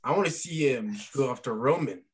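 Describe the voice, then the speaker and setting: A man co-hosting a podcast in casual chat, quick to laugh and animated. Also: mid-range voice, husky. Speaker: podcast co-host.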